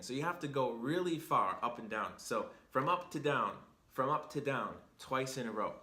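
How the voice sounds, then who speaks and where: Bright-voiced man teaching in a roomy echo. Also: mid-range voice. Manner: patient, step-by-step explaining. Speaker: Chinese teacher and host. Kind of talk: video lesson explanation.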